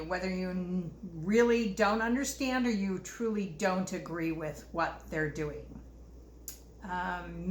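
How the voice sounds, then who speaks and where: A woman's voice: on the low side, a little hiss or hum. Earnest older woman in an echoey room. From Utah, US. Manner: earnest, reflective, shares personal stories. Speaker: host. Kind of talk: casual self-help talk. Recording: echoey room with faint ambience.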